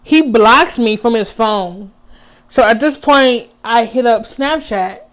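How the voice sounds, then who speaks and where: A woman in her twenties telling a storytime vlog in an animated, emphatic, slangy way. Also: a little high, slow. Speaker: vlogger.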